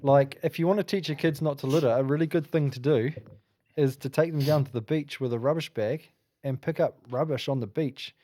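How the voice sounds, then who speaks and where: A man's voice: on the high side, fairly quick, dark tone, dry recording, clean studio sound. A man co-hosting a podcast in a laid-back way, chatting and asking questions, with casual swearing. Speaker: podcast co-host. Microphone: podcast microphone.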